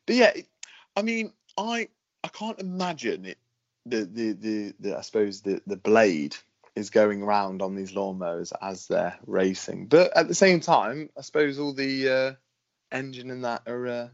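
A man co-hosting a casual podcast, chatty and quick to laugh, often restarting his sentences. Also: lowish voice, lively intonation, dull audio. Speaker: podcast co-host.

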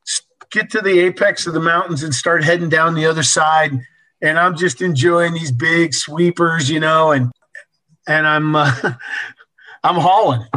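An older man spins a casual story in a folksy, animated way, chuckling between lines. His voice is high for a man, bright and forward. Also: rough recording. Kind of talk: casual anecdote.

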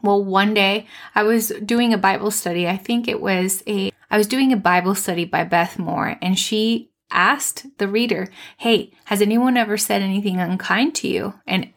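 A woman hosting a faith podcast, telling a personal testimony in an earnest, heartfelt way with soft, tender pauses. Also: medium pitch. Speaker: podcast host.

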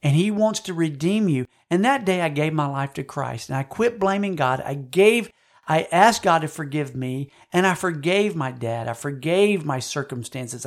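A man preaching a sermon in an earnest, personal testimony style, repeating words when he presses a point. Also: on the high side. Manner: earnest, personal testimony with frequent swings in loudness. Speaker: pastor.

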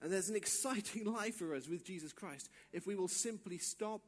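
A male pastor giving a sermon, acting out little dialogues and swinging from quiet asides to shouts. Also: sits high, moderate pace, big-room sound.

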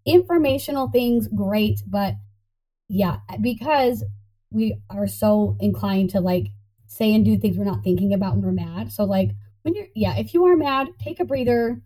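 A woman in a casual conversation, animated and laughing often, slipping into playful voices when quoting herself. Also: medium pitch, moderate pace, low-quality recording.

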